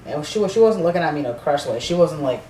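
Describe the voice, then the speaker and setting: A man's voice: on the high side, lively intonation, fast talker, dark tone. A man telling a storytime rant for his vlog, rambling and swearing, full of filler words and restarts. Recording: echoey room, distant mic, faint noise.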